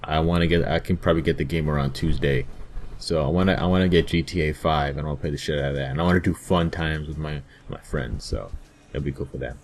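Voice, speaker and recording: A young man vlogging casually to his viewers, rambling and halting with many restarts. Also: extremely low pitch. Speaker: gaming vlogger. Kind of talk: casual vlog talk to viewers.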